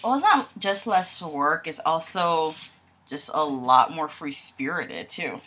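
A woman's voice: low-pitched, expressive, slow, pushed and bright. A woman in casual, playful chat as a co-host on a home microphone.

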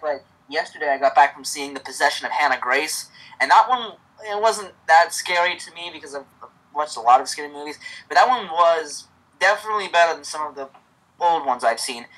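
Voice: medium pitch, a bit bright, poor audio. A person reading a fan story aloud outdoors in the cold, often stammering and correcting themselves, with chatty asides. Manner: stammering, rambling, self-correcting.

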